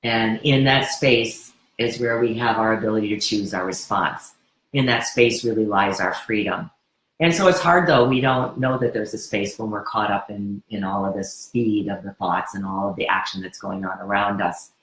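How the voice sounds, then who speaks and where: A woman's voice: rumbling low, moderate pace. A woman hosting a live wellness course Q&A, talking in an earnest, encouraging way with frequent restarts. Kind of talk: live webinar Q&A. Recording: roomy echo.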